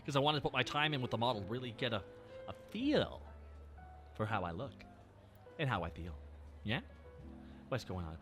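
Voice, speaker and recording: A man's voice: mid-range voice, lively intonation, moderate pace, pauses often, a bit bright, faint music behind. A man streaming live, chatting casually and joking as he reads chat messages aloud. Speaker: VTuber streamer.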